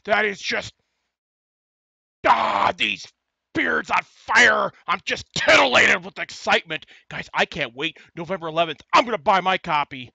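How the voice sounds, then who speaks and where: Middle-aged male vlogger, excitable and loud, crisp bright tone, dry close sound. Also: sits high, unhurried, no echo. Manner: excitable, gasping and shouting with glee. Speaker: YouTube gamer reacting to a trailer. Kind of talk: excited reaction vlog.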